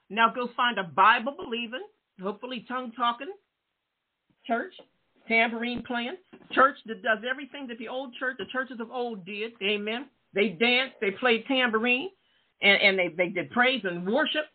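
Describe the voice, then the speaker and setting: Fervent woman pastor on a tinny phone line. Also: fairly high pitch. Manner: preachy, fervent, peppered with "Amen". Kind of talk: sermon. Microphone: phone line, radio call-in show.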